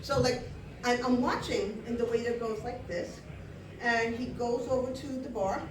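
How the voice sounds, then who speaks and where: Animated New woman telling a live story. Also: on the high side, moderate pace, a crowd in the background. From Brooklyn, New York. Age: 40s. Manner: animated, comic, frequent restarts and fillers. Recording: roomy, distant live-room sound.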